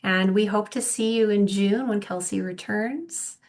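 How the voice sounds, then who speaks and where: A woman's voice: medium pitch, a little slow, darkish tone. A woman moderating an online workshop, giving polite closing thanks over a video call.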